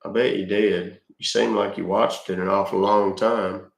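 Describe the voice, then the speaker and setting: A man's voice: lowish voice, little pitch movement, normal speed, vocal fry. A middle-aged man with a congested voice, chatting folksily with viewers as a live-stream scambaiting host. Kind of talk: casual live-stream chat. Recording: roomy echo.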